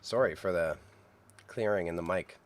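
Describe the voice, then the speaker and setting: A man, chatting casually on a co-working stream and thinking aloud as he works, sounding a little phlegmy and clearing his throat. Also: sits low, normal speed, slight background noise. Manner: relaxed, self-mumbling, thinks aloud while typing. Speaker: streamer and reseller. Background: keyboard typing.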